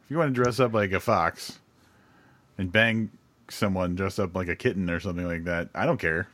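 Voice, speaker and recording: A man co-hosting a podcast, chatting in a relaxed, joking way with plenty of casual swearing. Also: deep voice, brisk. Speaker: podcast co-host. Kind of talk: casual chat.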